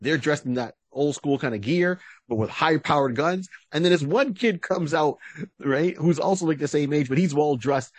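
With a voice on the high side and a moderate pace, a male podcast co-host rambles through a retold story, leaning on fillers as he chats. There's no room sound in the recording.

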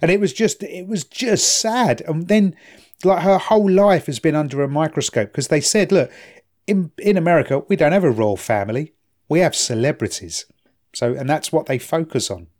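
A man's voice: a little high, animated, moderate pace, a little mellow. Chatty man explaining. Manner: chatty, explaining, asks for agreement. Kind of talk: casual chat.

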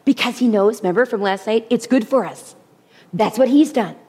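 A woman preaching a sermon with humor, animated, often repeating her key phrases. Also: on the high side, moderate pace, husky. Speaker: women's speaker. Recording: long hall reverb.

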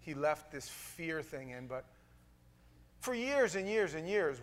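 A man preaching a sermon, telling a story with dramatic swings from hushed lines to loud bursts. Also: on the high side, sing-song, slow.

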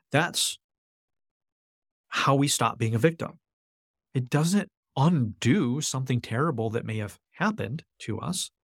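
A man's voice: medium pitch, dry recording, clean studio sound. A man as a podcast guest, explaining his ideas earnestly in conversation and repeating key phrases for emphasis. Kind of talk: conversational interview.

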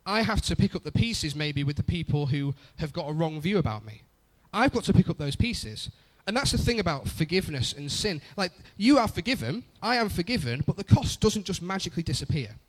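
A man's voice: a little high, sing-song, a little fast, hardly any pauses. A young adult man preaching a conversational sermon, often repeating phrases for emphasis. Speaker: pastor.

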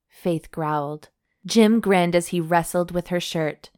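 Low-voiced woman reading a romance aloud. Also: a little slow, a little mellow. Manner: wry, giggly, breaks into laughter. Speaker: podcast co-host reading a romance novel aloud. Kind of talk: dramatic reading mixed with casual chat.

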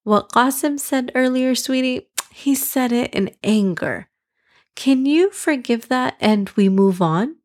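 A woman voicing a patient, loving mother in a children's storybook, speaking gently and coaxingly. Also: high-pitched, expressive, slow pace, pitched above the performer's own voice. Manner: gentle, coaxing, slightly raised.

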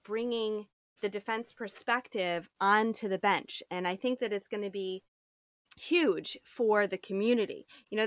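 Halting woman host, dry close sound. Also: medium pitch, fairly bright tone, no room sound. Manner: halting, repeats words and restarts. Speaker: interview host. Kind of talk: casual interview talk.

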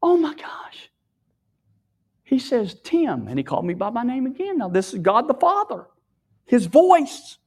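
A tearful man sharing an emotional personal testimony, often dropping his voice to a hushed whisper. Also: extremely high pitch, wildly swooping pitch, a little slow.

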